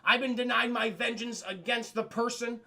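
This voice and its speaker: A man's voice: very high voice, steady tone, moderate pace, pushed and bright, exaggerated voice. Man doing a gargoyle leader, male, huge, vengeful, ranting, raised voice. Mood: anguished.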